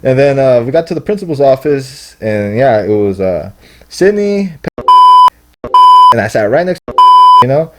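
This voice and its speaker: A man's voice: medium pitch, big pitch swings, normal speed, long pauses. A young man telling a long story in casual podcast chat, rambling and profane, acting out what people said. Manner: rambling, profane, acts out quotes. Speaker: podcast guest.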